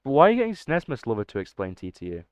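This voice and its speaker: A young man chatting excitably and rambling to his livestream chat. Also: mid-range voice, very fast, smooth, no echo. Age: young adult. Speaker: streamer. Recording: dull lo-fi dry mic.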